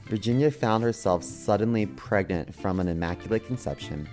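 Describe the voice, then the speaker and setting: A man's voice: fairly low pitch, normal speed, darkish tone, faint music behind. A man co-hosting a comedy podcast, reading a silly story aloud in a playful way. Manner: playful, giggly. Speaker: podcast co-host.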